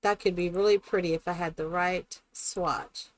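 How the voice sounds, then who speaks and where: A woman's voice: on the low side, steady tone, moderate pace. A woman chatting casually and rambling with many fillers while she builds in a game on a live stream.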